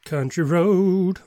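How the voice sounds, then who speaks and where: Male music-show co-host, joking, laughs a lot, higher voice, dry close sound. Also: dark tone, no room sound. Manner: playful, jokey, laughs often. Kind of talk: casual music review chat.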